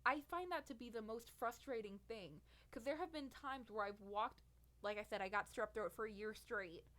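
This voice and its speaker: A woman's voice: fairly high pitch, moderate pace, fairly bright tone. A nineteen-year-old woman telling a personal story on her podcast, venting in an exasperated, sarcastic way. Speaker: podcast host.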